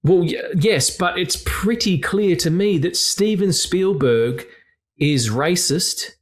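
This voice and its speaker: A man's voice: sits high, animated, slow. A man co-hosting a podcast, chatting casually about films with dry, joking humor. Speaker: podcast co-host. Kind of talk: casual film chat.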